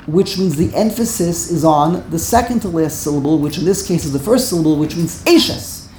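A woman's voice: low voice, fairly quick, dark tone, a little hiss or hum. Emphatic woman teaching in an echoey room. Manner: emphatic, repeats words while correcting pronunciation. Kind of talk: Torah grammar class.

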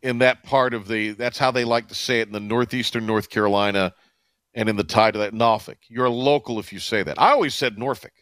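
A man's voice: lowish voice, fairly bright tone, clean tone, dry recording. Rambling man hosting sports radio. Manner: rambling, halting, many fillers and restarts. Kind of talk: casual sports radio chat.

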